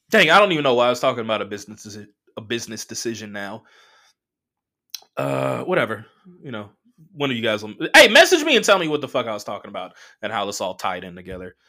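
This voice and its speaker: A man's voice: mid-range voice, big pitch swings, fairly quick, pauses often, bright, forceful tone. A man hosting a comedy podcast, telling a story in a casual monologue, laughing and swearing as he acts out quotes.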